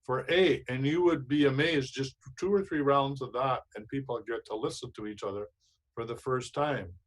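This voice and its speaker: A man's voice: medium pitch, moderate pace, low-quality recording. A man hosting a talk show, giving emphatic, preachy advice and repeating his points. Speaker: show host.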